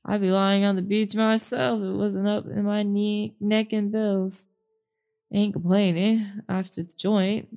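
A nervous, fast-talking carnival showman who stammers and pushes his words out loud and eager, as a woman reading aloud puts him on. The voice is gravelly and dark. Soft music plays behind. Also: medium pitch, flat delivery, natural voice.

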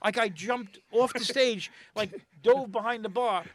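A middle-aged man telling a comedy-club story in casual chat, animated and rambling, acting out the voices of the people in it. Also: very high voice, unhurried. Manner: animated, acts out quotes and voices, rambling restarts.

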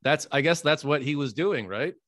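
A man's voice: on the high side, lively intonation, moderate pace, fairly bright tone. A man co-hosting a podcast in casual chat, rambling with hesitant fillers. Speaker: podcast co-host.

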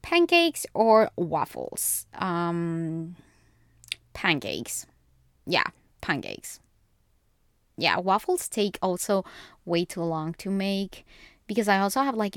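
Chatty young woman with a smooth voice. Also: fairly low pitch, no echo, clean studio sound. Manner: chatty and gushing, with frequent self-corrections. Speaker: podcast host. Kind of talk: casual solo podcast chat.

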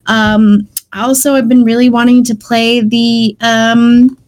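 Higher-pitched woman chatting casually. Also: little pitch movement, slow pace, darkish tone. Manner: chatty, with many fillers and restarts. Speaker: podcast co-host. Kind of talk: casual chat.

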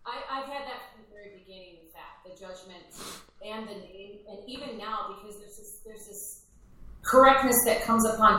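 A woman from Minnesota, a ministry founder, telling her story in an animated, emphatic way with repetitions. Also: medium pitch, normal speed, a little hiss or hum. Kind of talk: conversational interview. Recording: echoey, distant from mic.

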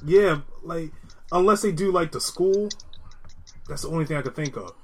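A man's voice: a little high, normal speed, low-quality recording. A man hosting a casual podcast chat, laughing often and trailing off mid-sentence. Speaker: podcast host.

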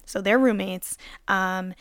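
A woman's voice: medium pitch, steady tone, takes it slowly, fairly bright tone, clean tone, no room sound, clean studio sound. A young woman animatedly telling a casual story, laughing often and swearing casually as she talks.

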